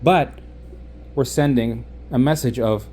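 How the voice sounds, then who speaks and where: A man talks viewers through exposure practice in an easy, animated vlog manner. His voice is warm and mellow, and he keeps a conversational pace. A faint hiss of ambient noise sits behind him. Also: medium pitch, slow. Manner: animated, acts out the anxious walk then explains. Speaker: coach demonstrating exposure practice. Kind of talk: casual instructional vlog. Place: out and about, then in a car.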